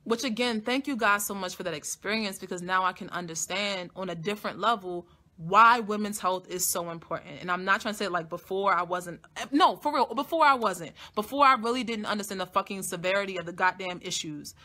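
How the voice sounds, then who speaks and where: A woman with a bright, sharp-edged voice hosts her own live stream and tells a long personal story straight to her listeners. She talks bluntly, swears constantly, and moves from quiet asides to loud, emphatic outbursts. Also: mid-range voice, fairly quick. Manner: blunt, heavily profane, emphatic; animated, swings from soft to loud. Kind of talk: casual storytelling monologue.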